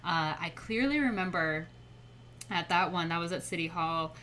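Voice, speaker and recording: A young adult woman speaking as a podcast guest in casual conversation, chatty and quick to laugh. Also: fairly low pitch, fairly bright tone, a little hiss or hum.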